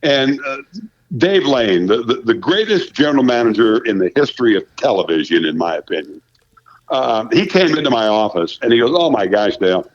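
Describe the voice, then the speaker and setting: An older man, a podcast guest and former sportscaster, telling stories in an animated way, often repeating words and acting out the people in them. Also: medium pitch, a little fast. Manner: stammers and repeats words, acts out other people in lively voices. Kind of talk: animated storytelling. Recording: muffled lo-fi podcast audio.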